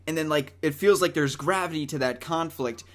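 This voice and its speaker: A man with a fairly high voice argues his case as a guest in a casual film debate. He gets excitable and trips over his words in restarts. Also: a little fast. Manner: excitable, stumbling restarts, argumentative.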